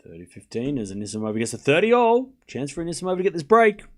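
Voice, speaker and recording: A man's voice: a little high, very animated, rapid-fire. Man, Australian accent, stream host, casual live commentary, rambling, self-deprecating, casual swearing.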